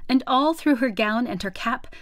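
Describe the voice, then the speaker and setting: A woman's voice: a little high, moderate pace, dry recording. Woman reading a storybook, close and dry. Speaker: storybook reader. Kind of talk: children's storybook read-aloud.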